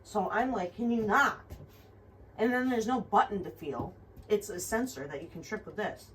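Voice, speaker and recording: A woman's voice: mid-range voice, animated, normal speed. A young woman tells a personal story in a rambling, frank way, swearing often and using many fillers. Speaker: vlogger. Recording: somewhat distant mic with faint room noise.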